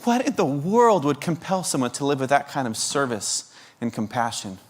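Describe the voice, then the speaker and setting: A man's voice: medium pitch, sing-song, normal speed. A man preaching a sermon as a guest preacher, firing off repeated rhetorical questions and stumbling over restarts as he presses his point. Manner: restarts and stammered repetitions when pressing a point.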